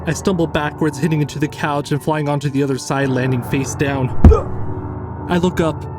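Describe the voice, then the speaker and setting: A man reading a first-person horror story as scripted narration, measured and tense. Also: a little high, steady tone, loud music behind the voice.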